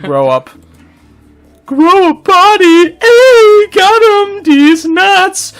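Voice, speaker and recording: A man voicing a boastful rich male jock who shouts his bragging in a screeching, drawn-out way. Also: extremely high pitch, big pitch swings, soft background music, voice pushed up, exaggerated voice, rough recording. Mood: taunting.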